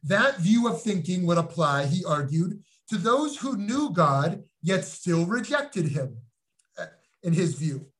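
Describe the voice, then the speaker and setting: A man's voice: sits high, very animated, a little slow. A middle-aged man, a rabbi, giving a scholarly lecture in an earnest way, with frequent restarts and a personal story. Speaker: rabbi teaching a class. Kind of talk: recorded lecture with personal anecdote.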